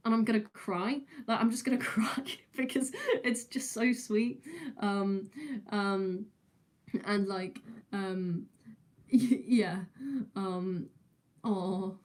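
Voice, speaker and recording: A woman's voice: medium pitch, fairly even intonation, slow pace. A young woman, chatting casually on a livestream and answering viewers with many fillers, restarts and giggles. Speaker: streamer.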